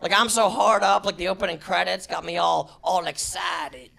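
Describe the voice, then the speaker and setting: A man doing a stand-up comedy set, shouting his punchlines and jumping into squealing character voices. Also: high voice, fairly even intonation, normal speed, gravelly. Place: comedy club stage before a laughing crowd. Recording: live club recording with crowd noise. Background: audience laughter.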